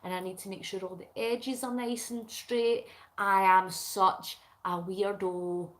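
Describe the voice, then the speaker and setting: A woman's voice: medium pitch, steady tone, a little slow. A middle-aged Scottish woman hosting a casual livestream, chatting and giggling as she reads out viewer comments while doing crafts. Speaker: livestream host. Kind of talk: casual live chat reading comments.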